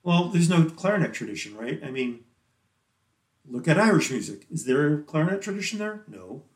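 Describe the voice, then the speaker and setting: A man's voice: on the high side, sing-song, a little fast. Man, podcast guest, casual interview chat, rambling, laughs easily, roomy echo.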